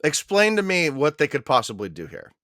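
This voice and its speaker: A blunt man talks through movie news with a bright, forward tone, cursing freely as he airs his gripes. His voice sounds dry and close to the mic. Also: a little high, wildly swooping pitch, fairly quick, no echo. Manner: blunt, swears freely, emphatic complaints. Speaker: podcast co-host. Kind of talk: casual chat.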